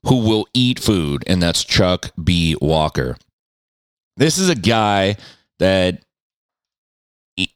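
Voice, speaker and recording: A man's voice: deep voice, no echo, studio quality. A man hosting a podcast, telling a story in a casual, profane, self-mocking way. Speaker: podcast host.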